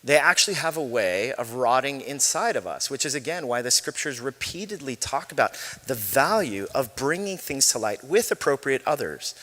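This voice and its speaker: A male pastor preaching a sermon in a relaxed, conversational storytelling way, with self-deprecating jokes. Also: medium pitch. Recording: echoey large hall.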